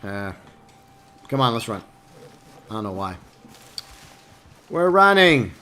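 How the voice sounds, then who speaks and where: A man's voice: medium pitch, sing-song, slow pace, pushed and bright, slight background noise. A man chatting casually during a live game stream, answering viewers and joking in a mock-whiny way.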